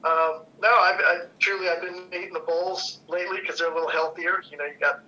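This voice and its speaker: Easygoing male guest, very bright tone, somewhat high voice, rambling; lo-fi sound. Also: steady tone, brisk. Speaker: guest, brewery co-owner. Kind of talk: casual chat. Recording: dull lo-fi sound.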